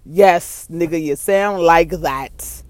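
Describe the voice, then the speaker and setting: A solo vlogger with a mixed Baltimore and New York accent, talking in a casual, rambling monologue. They are candid and profane, laugh often, and repeat phrases as they think out loud. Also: medium pitch, slow, no echo. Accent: Baltimore and New York blend.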